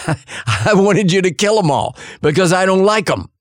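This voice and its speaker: A man's voice: high-pitched, big pitch swings, a little slow, dry recording, clean studio sound, voice pushed up. A male preacher voicing an indignant, self-righteous male prophet who complains that he has the right to be angry.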